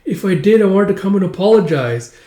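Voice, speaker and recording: A man voicing a kind, polite, cheerful young woman who speaks gently. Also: sits high, lively intonation, a little fast, voice pushed up. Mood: apologetic. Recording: echoey room.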